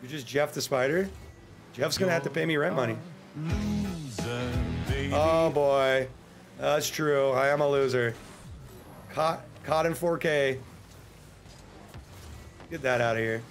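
An American man streaming a game, chatting casually in a joking, rambling way and breaking into sudden excited yelps. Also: medium pitch, slow, pauses often, music in the background. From United States. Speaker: livestreamer. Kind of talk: casual gameplay livestream commentary.

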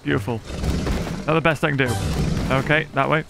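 A gaming YouTuber chats casually over game music as he plays a survival game, giggling and talking to the on-screen animals. His voice is fairly high and creaky, with little pitch movement and a slightly quick pace.

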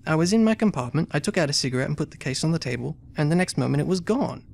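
Man doing a flustered dapper young gentleman. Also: fairly high pitch, animated, racing, vocal fry, a little hiss or hum. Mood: agitated. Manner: agitated, complaining.

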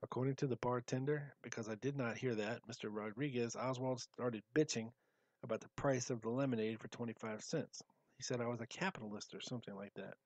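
A man's voice: medium pitch, steady tone, fairly quick, darkish tone, dry recording, poor audio. A man hosting a podcast, reading testimony aloud with casual, dry asides. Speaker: podcast host.

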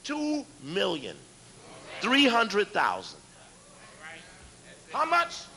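Fiery high-pitched man lecturing a crowd. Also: huge pitch swings, drawn-out words, vocal fry. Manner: preacherly, call-and-response, raises voice to shout.

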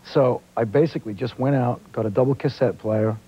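On a 1990s talk show, preserved on dull lo-fi tape, an Australian-born actor speaking with a New York accent chats casually and spins animated stories. He talks a little fast in a husky, medium-pitched voice.

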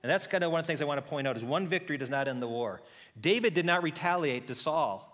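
Animated, higher-voiced male pastor preaching. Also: fast, long reverb tail. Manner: animated storytelling, acting out voices of characters; conversational with frequent restarts. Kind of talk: sermon.

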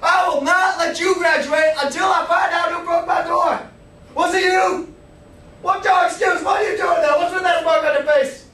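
A man shouting as a furious barking drill sergeant. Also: very high-pitched, fairly even intonation, moderate pace, some chatter behind, pitched above the performer's own voice. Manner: shouting, bellowing orders. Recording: echoey room, distant mic, noisy.

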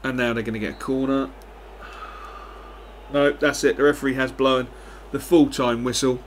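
A young man giving animated live commentary over a football video game, swinging between excitement and frustration and swearing often. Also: medium pitch, normal speed, a little hiss or hum. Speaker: gaming commentator.

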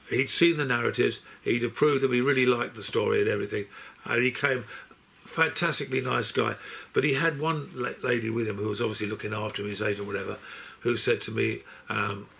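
A man's voice: fairly low pitch, creaky, sharp tone. An older man chatting through his box set, telling long stories with many restarts and self-corrections. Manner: rambling storyteller, stops and restarts sentences. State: unwell. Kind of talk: anecdotal unboxing chat.

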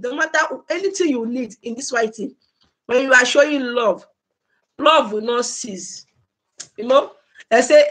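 Bright-voiced woman chatting on stream. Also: a little high. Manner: chatty, laughing often, greets viewers by name. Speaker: live stream host. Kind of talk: casual live stream chat with viewers. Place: home in Germany.

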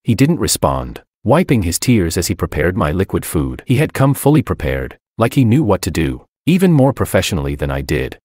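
A man with a deep, low voice narrates a first-person story in a subdued, melancholy way. His pitch rises and falls freely across the lines. The sound is dry and close, with no room around it. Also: very animated, fairly quick, few pauses, a little mellow, breathy edge, no echo.

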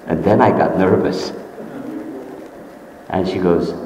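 A male pastor telling a story in a sermon, his voice climbing when excited and sinking soft and low. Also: slow, pauses often, a little hiss or hum. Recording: echoey church hall.

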